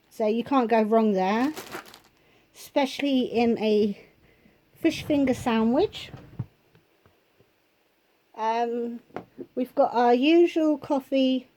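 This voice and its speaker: Hoarse woman vlogger with a cold, warm and a bit high, chatty and casual as she reads out prices. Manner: chatty, listing prices, pausing to think. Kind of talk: casual shopping haul chat. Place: at home.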